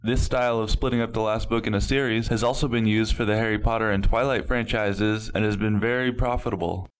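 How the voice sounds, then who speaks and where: Male reporter, lowish voice, plain steady read of news copy. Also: fairly quick, poor audio. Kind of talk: scripted news reading.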